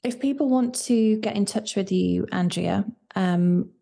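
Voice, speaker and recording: A woman hosting a podcast, asking questions in a gentle, measured way. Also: medium pitch, vocal fry. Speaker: podcast host. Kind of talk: interview questions.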